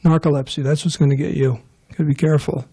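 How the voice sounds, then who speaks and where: A man's voice: on the high side, little pitch movement, quick pace, warm tone, slightly rough. A man giving a casual scripture class, rambling and joking with digressions. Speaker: temple class speaker.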